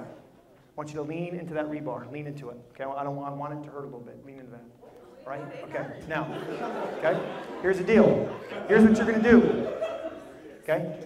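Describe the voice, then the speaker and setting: A man with a high voice coaches volunteers in front of an audience, driving each step with emphatic, repeated cues. His voice rings through an echoey hall, with crowd noise underneath. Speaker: motivational coach leading a group exercise. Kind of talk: live instruction to a group. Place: large room with an audience.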